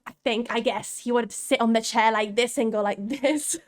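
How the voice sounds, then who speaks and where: A young woman from Italy telling an excited story to camera as a vlogger, often laughing and restarting her sentences. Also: on the high side, moderate pace.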